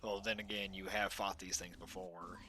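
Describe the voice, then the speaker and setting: A man's voice: sits low, little pitch movement, moderate pace, pushed and bright, a little hiss or hum. A man playing a tabletop game over voice chat, easygoing and describing what his character does. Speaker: player.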